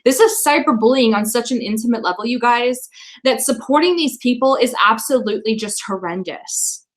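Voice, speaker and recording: A woman's voice: on the high side, moderate pace, low-quality recording. A woman hosting a livestream, talking in an upset, profane, apologetic way. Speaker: stream host. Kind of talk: emotional livestream talk.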